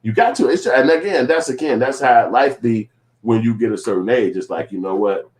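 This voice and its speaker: A man's voice: medium pitch, expressive, moderate pace, darkish tone. A man filmmaker in a casual commentary vlog, rambling and profane, acting out little quoted scenes. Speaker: filmmaker and vlogger.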